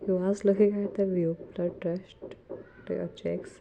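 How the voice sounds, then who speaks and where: Brief: woman reading a romance story aloud, lowish monotone, noisy home recording. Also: unhurried, creaky, highs cut off. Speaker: fan-fiction narrator.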